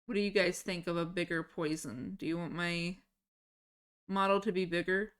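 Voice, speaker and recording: A woman's voice: on the low side, moderate pace, clear, resonant tone. A woman streaming live from home, chatting casually with her viewers, easily sidetracked and swearing now and then. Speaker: livestreamer.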